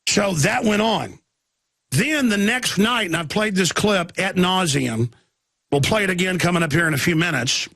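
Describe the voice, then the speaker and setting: A man's voice: high voice, lively intonation, moderate pace, bright, forceful tone, no room sound, clean studio sound. A man hosting a talk radio show, telling a long story in an intense, rambling way with frequent restarts and sudden outbursts.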